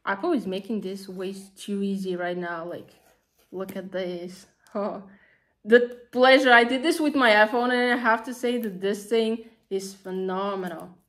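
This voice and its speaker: A woman talking casually through an unboxing, excitable and chatty, gushing over each item with lots of fillers. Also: medium pitch, a little slow. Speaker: vlogger.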